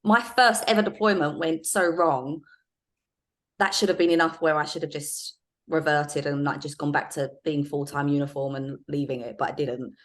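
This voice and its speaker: Lower-voiced woman telling stories. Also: moderate pace. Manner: lively anecdotal storytelling with frequent laughs and fillers. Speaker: guest, former undercover police officer. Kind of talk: casual storytelling interview.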